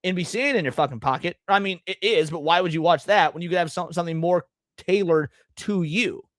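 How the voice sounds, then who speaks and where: Ranting, profane American streamer. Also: male voice, sits high, brisk, fairly bright tone, dry recording, studio quality. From United States. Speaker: livestream host. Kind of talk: live reaction stream.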